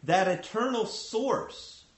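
A man giving a scripture class, explaining in a measured way with frequent restarts. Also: high voice, expressive, roomy sound, low-quality recording. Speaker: spiritual teacher.

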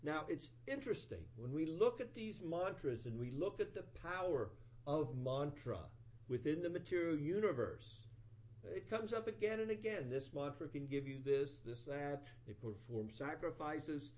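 A man giving a sermon, retelling an old scripture story in an animated storytelling voice with rising emphasis. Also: on the high side, normal speed. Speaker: preacher.

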